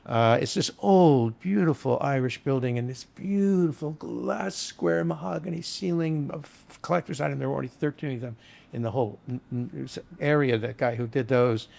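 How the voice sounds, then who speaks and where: A man's voice: medium pitch, moderate pace, vocal fry, a little mellow. An older man, a bartender being interviewed, telling long, casual, earthy stories in a rambling anecdotal way. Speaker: bartender guest. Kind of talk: storytelling interview chat.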